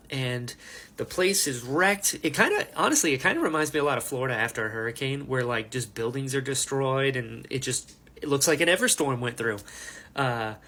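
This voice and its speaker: Young man, casual reaction chat, lively swooping pitch, chatty. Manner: animated, chatty, acts out quotes. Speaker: book reaction host.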